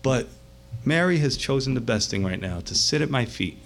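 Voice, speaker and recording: A man preacher voicing a calm, gentle male teacher who corrects kindly in a measured way during a sermon. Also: medium pitch, vocal fry, slight background noise, pitched below the performer's own voice.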